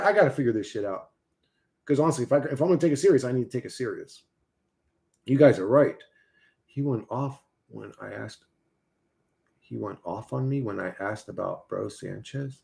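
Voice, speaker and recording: A man with a gravelly, creaky edge to his voice, talking casually on a live stream. He rambles, swears freely and answers viewers' chat messages as they come in. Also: medium pitch, animated, moderate pace, long pauses, a little mellow.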